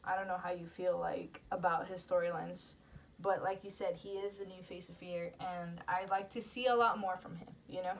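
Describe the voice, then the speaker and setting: A woman's voice: on the low side, steady tone, normal speed. Woman, podcast co-host, casual chat, chatty, distant mic, faint background noise. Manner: chatty, leads the segments, frequent "like". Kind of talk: casual wrestling review chat.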